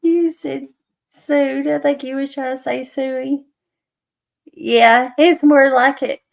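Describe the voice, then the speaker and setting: A hoarse middle-aged woman, hosting a casual livestream chat with viewers and laughing often. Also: sits high, steady tone, slow pace. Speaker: livestream host.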